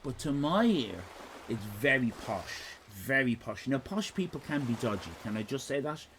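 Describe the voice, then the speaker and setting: A man's voice: mid-range voice, sing-song, moderate pace, fairly bright tone, a little hiss or hum. An Irish man hosting a live stream in casual chat, rambling from one tangent to the next with jokes and swearing. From Ireland. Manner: rambling, digressive, sweary, jokey.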